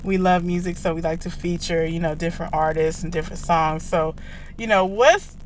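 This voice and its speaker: A woman's voice: lowish voice, fairly even intonation, brisk, a little hiss or hum. A woman hosting a podcast in casual, playful chat, joking in slang and laughing often. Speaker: podcast host.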